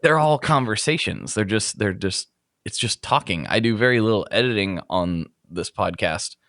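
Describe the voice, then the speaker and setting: A podcast host chats casually, rambling, poking fun at himself and laughing often. His lowish, expressive voice has a fairly bright tone at normal speed, captured as a dry, clean studio recording.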